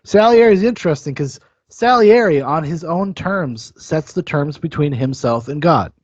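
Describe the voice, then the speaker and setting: A man hosting a podcast in casual chat, talking eagerly and quick to agree. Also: a little high, lively intonation, darkish tone, no echo. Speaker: podcast host. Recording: dry, dull lo-fi recording.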